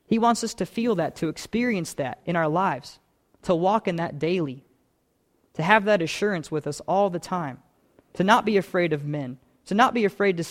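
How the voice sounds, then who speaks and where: Male pastor mid-sermon, earnest and repetitive, voice sitting a bit high. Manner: earnest, repetitive phrasing that builds in intensity.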